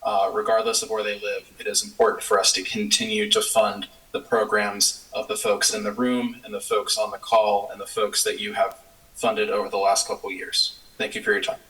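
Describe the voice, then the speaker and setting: A man giving earnest, halting public testimony at a council meeting as a community program leader. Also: fairly low pitch, little pitch movement, pushed and bright. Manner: earnest, halting, many fillers. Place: city council chamber. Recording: voice distant from the mic.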